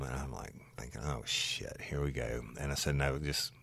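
A man, a former patrol deputy, telling a story from one of his calls in a blunt, animated way and swearing freely. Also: rumbling low, moderate pace, vocal fry, no echo. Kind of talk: casual true-crime storytelling.

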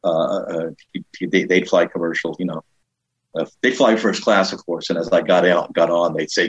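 A middle-aged man with a husky, lowish voice recounts his touring years in an interview. He acts out the people in his stories, his pitch shooting up for each quoted line. The sound is muffled and lo-fi. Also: brisk. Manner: animated anecdotes, jumps high to act out quoted people. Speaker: comedian and author, guest. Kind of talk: casual storytelling interview. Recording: dull lo-fi sound.

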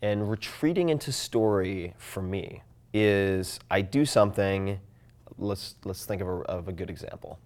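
A man in casual podcast conversation, talking things through in a thoughtful, animated way about his own habits. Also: deep voice, measured pace. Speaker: podcast guest.

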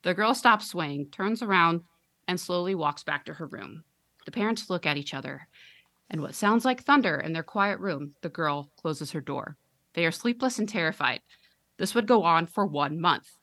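A woman podcast host reading a listener's horror story aloud with dramatic, drawn-out storytelling on a close mic. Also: lowish voice, animated, sharp tone, dry recording.

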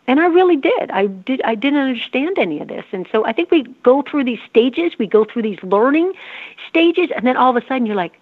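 A woman's voice: high voice, expressive, brisk, no room sound. A woman in her fifties, a guest in an interview, talking earnestly and repeating herself for emphasis. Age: 50s. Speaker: guest author. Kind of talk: casual interview talk. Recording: phone-like line.

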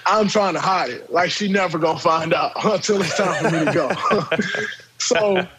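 A man from Michigan, a guest on a podcast, telling a story in an animated, profane way and acting out the quotes. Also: high voice, moderate pace, heavy background noise. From Michigan, USA. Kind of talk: casual podcast chat.

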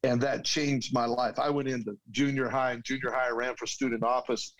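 A man's voice: mid-range voice, fairly even intonation, a little fast, a bit bright, low-quality recording. A man, a guest, telling a personal story in an earnest, heartfelt way with restarts. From United States.

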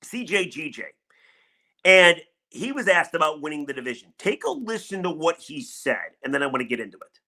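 A man's voice: fairly high pitch, sing-song, brisk, pushed and bright. A middle-aged man hosting a solo sports talk podcast, candid, conversational and emphatic. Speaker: sports radio podcast host.

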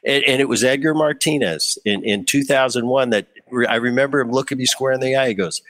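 A man's voice: medium pitch, brisk, few pauses. A middle-aged man hosting a podcast, telling stories in casual chat and acting out what others said. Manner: storytelling, animated, quotes others. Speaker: podcast host.

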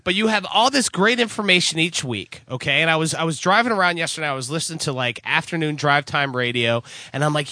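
An excitable man co-hosting a podcast, rambling and stammering as he pitches a new idea in casual banter. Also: fast talker, hardly any pauses, dry recording. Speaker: podcast co-host.

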